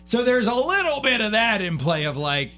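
A man's voice: high voice, very animated, normal speed, sharp tone, faint music behind. A middle-aged man hosting a radio show, chatting casually and getting heartfelt and a bit choked up.

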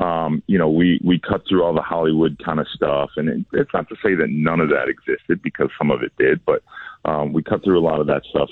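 A man's voice: a bass voice, no echo, narrow, tinny audio. A man, founder of a history tour, talking as a radio guest in an earnest way, often repeating and restarting words. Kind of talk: casual radio interview.

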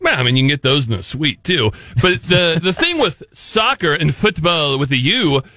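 A man's voice: fairly high pitch, lively intonation, normal speed, bright, forceful tone, dry recording. A man co-hosting a morning radio show, teasing his co-host with joking jabs. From Missouri. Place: radio studio. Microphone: studio microphone.

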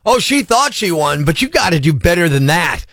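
A man's voice: a little high, sing-song, moderate pace, fairly bright tone, slight background noise. A man hosting a morning radio show, telling a story in a brash, punchy, boastful way. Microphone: studio microphone.

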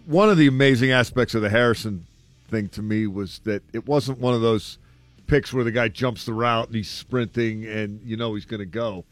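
A man's voice: mid-range voice, normal speed, dry recording, soft background music. A man hosting a casual sports talk show, reading through a ranked list and breaking in with his own thoughts, with a few "uh" fillers. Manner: conversational, thinks aloud with "uh" fillers.

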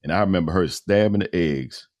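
A man in his fifties, a radio host and voice-over artist, telling his story in a casual, animated interview with colloquial phrasing. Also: low voice, a little fast. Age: 50s.

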